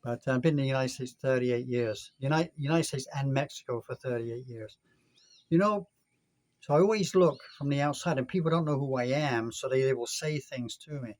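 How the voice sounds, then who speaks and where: A man's voice: mid-range voice, moderate pace, darkish tone, no room sound. A man in his sixties from the United Kingdom, telling a rambling story in a casual vlog rant. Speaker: vlogger.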